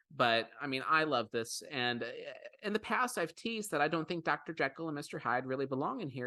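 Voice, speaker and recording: A man's voice: mid-range voice, bright, forceful tone, dry recording. A man co-hosting a podcast, talking in an enthusiastic, rambling way with many restarts. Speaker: podcast co-host. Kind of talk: casual podcast chat.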